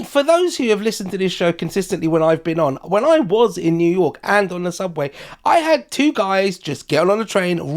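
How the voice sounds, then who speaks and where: A British man, a foreign correspondent, chatting in a jokey, easygoing way over a remote call. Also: sits high. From United Kingdom. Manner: chatty and jokey, drawn-out laughs. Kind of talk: casual chat.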